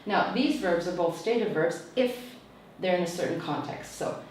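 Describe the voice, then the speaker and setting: A woman teacher trainer talks through a lesson in a steady, explaining manner, often stopping to check with "okay?". Her voice sits somewhat low. She is recorded from a distance in a very echoey room with faint background noise. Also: normal speed. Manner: explains patiently, tags points with "okay?". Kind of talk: teacher tutorial lecture. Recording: echoey room, mic far off.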